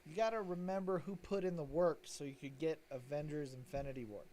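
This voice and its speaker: A man's voice: on the high side, a little fast, a little mellow, slight background noise. A man co-hosting a comic shop live-stream sale, laid-back and throwing in goofy side comments. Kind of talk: casual banter.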